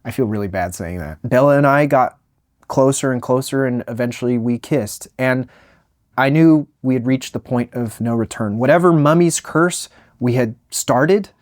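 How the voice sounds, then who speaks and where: A man's voice: mid-range voice, normal speed, no room sound, clean studio sound. Young man telling a comic story. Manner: animated, self-mocking, with jokey asides. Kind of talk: comedic storytime narration.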